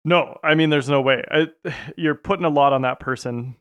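A man's voice: a little high, normal speed, a bit bright, smooth, muffled recording. A man with a slightly raised voice and a Canadian accent co-hosts a laid-back podcast. He retells a Bible story in plain chat, jokes, overthinks and laughs often. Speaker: podcast co-host.

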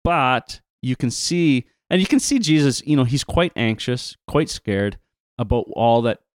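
A man's voice: medium pitch, expressive, a little slow, no room sound, clean studio sound. A man co-presenting a retelling of a Bible story, talking casually with emphatic asides and restarts.

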